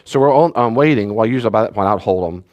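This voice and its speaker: A man, a pastor teaching a church study class in a relaxed, conversational way with joking asides to the group. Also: on the low side, quick pace.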